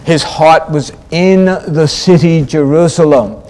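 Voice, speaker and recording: A male preacher delivering a sermon in a deliberate, unhurried cadence. His voice sits a little high for a man. He hammers points home by repeating them, rising to loud peaks and then dropping almost to a hush. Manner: emphatic, repeats key phrases, swings from loud highs to quiet lows.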